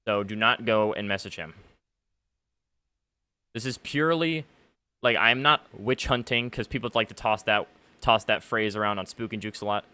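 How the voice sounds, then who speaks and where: A man's voice: on the low side, normal speed, pauses often, pushed and bright, clear, resonant tone, no room sound. A man talking to his viewers about an argument, aggrieved and ranting, with lots of fillers. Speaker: gaming YouTuber. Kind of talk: commentary to camera. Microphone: face cam setup.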